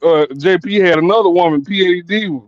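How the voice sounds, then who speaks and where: Casual high-voiced male host, rambling and profane, dull dry recording. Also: fairly quick, no echo. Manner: rambling, repeats words, laughs often. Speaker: podcast host. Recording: dull lo-fi sound.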